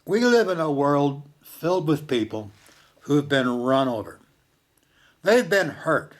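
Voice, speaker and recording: An older Canadian man tells a personal story slowly and reflectively, his medium-pitched voice expressive and dropping to a hush whenever he quotes someone.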